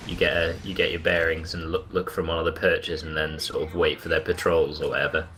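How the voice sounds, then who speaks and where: A man's voice: extremely low pitch, little pitch movement, fairly quick, pushed and bright, slight background noise. A young man co-hosting a casual gameplay chat, wry and teasing, hesitating with fillers. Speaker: co-host. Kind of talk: casual let's play chat.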